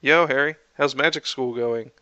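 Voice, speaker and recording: A man voicing a brash, breezy young woman who talks in loud slang. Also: medium pitch, moderate pace, clean tone, no echo, highs cut off, natural voice.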